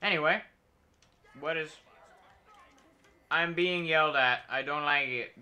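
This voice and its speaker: A man's voice: on the high side, takes it slowly, long pauses, sharp tone. A man streaming a video game, talking casually and joking in a rambling, mock-patriotic way. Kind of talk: casual gameplay commentary.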